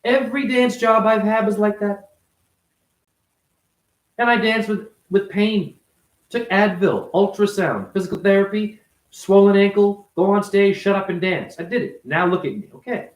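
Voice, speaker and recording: High-voiced man ranting bluntly. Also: moderate pace, roomy sound, rough recording. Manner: blunt, profane, emphatic. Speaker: vlogger, former ballet dancer. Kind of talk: unscripted monologue rant. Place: his apartment, indoors.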